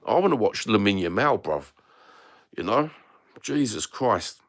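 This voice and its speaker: Deep-voiced sweary London man. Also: big pitch swings, unhurried. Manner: blunt and sweary, slangy. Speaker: livestream host reading chat. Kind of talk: casual live-chat rant. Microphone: phone.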